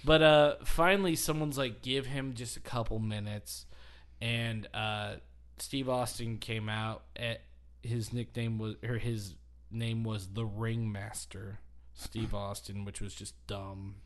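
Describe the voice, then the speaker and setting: A man hosting a podcast, telling long rambling stories in casual chat and breaking into quick laughs. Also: fairly low pitch, steady tone. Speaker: podcast host.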